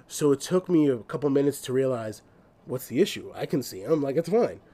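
A man's voice: medium pitch, expressive, a little fast, dark tone. A young man co-hosting a casual, improvised podcast over a video call, laid-back and laughing often. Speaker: podcast co-host.

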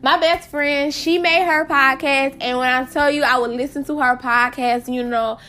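A young woman hosting her own podcast, chatting in a bubbly, animated way as she tells a personal story. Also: sits high, normal speed. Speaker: podcast host. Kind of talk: casual chat.

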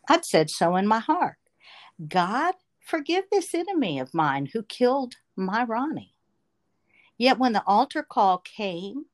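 Slow, earnest woman telling her testimony. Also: fairly low pitch. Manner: slow, earnest, emotional storytelling. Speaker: testimony speaker. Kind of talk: personal faith testimony narration.

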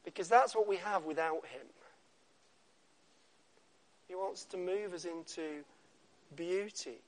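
A male preacher with a fairly high voice who delivers his sermon slowly. He pauses for effect and often drops to a soft hush on key words.

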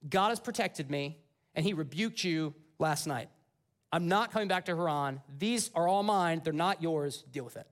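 A man's voice: a little high, moderate pace, pitched below the performer's own voice, natural voice. A man voicing a fed-up, defiant male patriarch, retold in casual modern speech.

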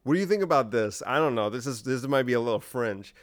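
A man's voice: medium pitch, lively intonation, fast, no echo, studio quality. A man hosting a solo podcast, rambling in casual commentary with incredulous, sarcastic asides. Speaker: podcast host.

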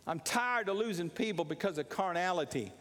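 A pastor preaching an impassioned sermon, repeating his points and rising to shouts. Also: high-pitched, animated, brisk. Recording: long reverb of a large hall.

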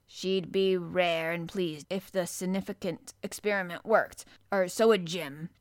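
A woman's voice: fairly low pitch, fairly even intonation, a little slow, dry recording, studio quality, close to an everyday voice. A woman voicing a testy old male gardener from a children's storybook, speaking. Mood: admiring. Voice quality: grumbling, dialect-heavy, testy.

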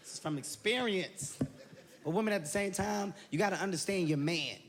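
A man doing stand-up comedy, loud and animated, shouting punchlines. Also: sits high, moderate pace. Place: large venue with laughing audience. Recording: live show with loud crowd and noise.

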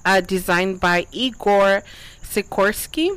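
A woman co-hosting a casual podcast, giggly and animated. She introduces segments in a relaxed, chatty way. Her pitch is average for a woman. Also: slow pace, clear, resonant tone, low-quality recording. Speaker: podcast co-host. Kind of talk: casual chat. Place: backyard.

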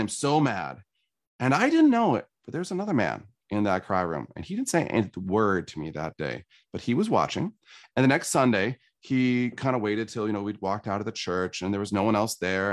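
A man, a guest, earnestly telling his personal story in a conversation. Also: on the low side.

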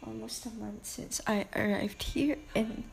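A young Filipino woman from the Philippines hosts a personal podcast, speaking slowly and haltingly while tearful, mixing English and Tagalog in a Filipino accent. Her voice is fairly high with fairly even intonation and vocal fry, and faint music plays behind her.

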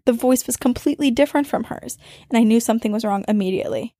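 A woman podcast host reading a listener's ghost story aloud, with dramatic storytelling that speeds up and slows down for suspense. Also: fairly high pitch, mellow, no echo, studio quality.

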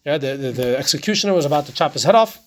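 A man's voice: fairly high pitch, expressive, racing. Chatty man teaching a Torah class. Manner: conversational, keeps asking "right?" and posing rhetorical questions.

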